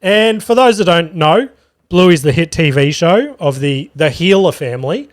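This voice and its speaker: A young Australian man hosting a podcast, telling an animated, profane, self-mocking story from home. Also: a little high, normal speed, dry recording, studio quality. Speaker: podcast host. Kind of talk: casual storytelling chat. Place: home room with a cat.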